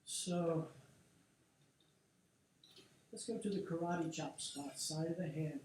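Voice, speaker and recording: A man with a fairly high, mellow voice gently guides a group through a tapping session, inviting and encouraging. He is recorded from well away from the mic in a very echoey room, with faint noise behind. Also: steady tone, slow pace, distant mic. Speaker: workshop leader. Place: workshop studio room.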